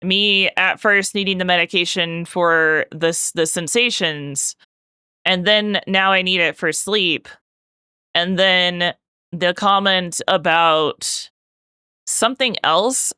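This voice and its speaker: A woman's voice: on the low side, bright, forceful tone, smooth, dry recording, clean studio sound. A woman streamer chatting casually with her viewers while painting, telling a long rambling story full of "like" fillers. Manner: talks directly to chat while painting.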